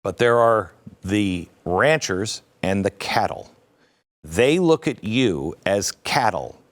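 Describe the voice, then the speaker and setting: Male talk-show host, slow delivery with a lot of pitch swing, sarcastic political commentary. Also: lively intonation. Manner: sarcastic, mocking asides.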